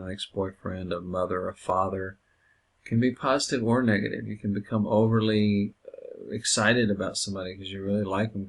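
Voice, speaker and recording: A man with a low, gravelly voice gives a loose, conversational lecture to counseling students. His tone is husky, and he fills his talk with ums and uhs as he works through his points. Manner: casual, conversational lecturing with many fillers. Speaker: counseling instructor. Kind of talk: recorded lecture.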